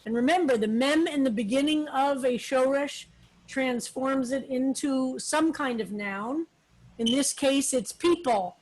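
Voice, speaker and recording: A woman rabbi leading a text study, explaining words slowly with many pauses and fillers. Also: high-pitched, low-quality recording. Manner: slow, explanatory, with frequent fillers. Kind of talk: relaxed Hebrew text lesson.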